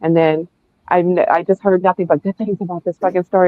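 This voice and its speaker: A woman's voice: mid-range voice, steady tone, fairly quick, no room sound. A woman hosting a book club talk, speaking bluntly and swearing freely as she gives her opinions. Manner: blunt, profane and emphatic when ranting. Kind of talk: casual podcast discussion. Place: remote video call. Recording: tinny phone-like dry sound.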